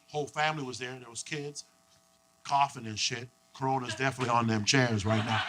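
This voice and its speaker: A young adult man from Canada doing a stand-up set, telling stories in a brash, profane, animated way. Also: mid-range voice, fairly quick. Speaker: stand-up comedian.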